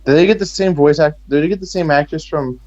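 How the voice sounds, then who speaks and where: A man's voice: fairly high pitch, fast talker, a little mellow, lo-fi sound. A man from Texas speaking with an American accent, rambling and joking sarcastically in casual chat.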